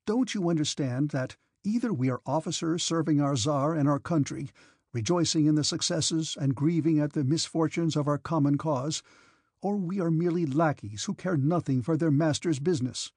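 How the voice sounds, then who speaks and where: A proud young prince, read by a man, speaks sharply, with cutting indignation. The voice is a little high and husky, recorded dry and close. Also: moderate pace, a little mellow, dry recording. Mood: indignant. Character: proud young male prince, tense, stern.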